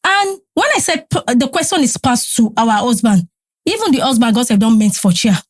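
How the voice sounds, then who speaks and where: Nigerian woman, podcast guest, animated storytelling, fairly high voice, dry close sound. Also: normal speed, no echo. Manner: animated, mixing Pidgin and Yoruba. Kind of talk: casual storytelling. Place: podcast studio.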